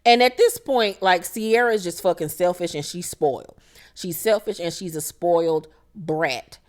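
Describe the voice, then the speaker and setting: A woman's voice: on the low side, normal speed. A woman hosting a casual TV recap and talking in a blunt, profane, sassy way. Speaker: TV recap host.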